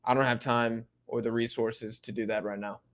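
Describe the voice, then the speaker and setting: A young man casually chatting through a live football watch-along, reading and answering chat in relaxed slang. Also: medium pitch, normal speed. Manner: laid-back slang-heavy chatter, many fillers.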